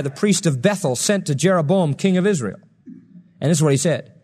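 A man's voice: a little high, darkish tone, big-room sound. A man preaching a sermon, acting out quoted lines with a raised voice between plain explanation. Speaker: pastor.

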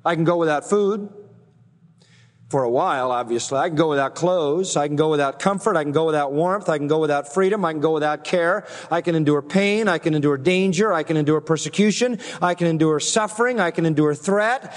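Pastor, male, expository sermon, emphatic delivery, somewhat high voice, long hall reverb. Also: fairly quick. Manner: emphatic preaching, voice climbing on key phrases.

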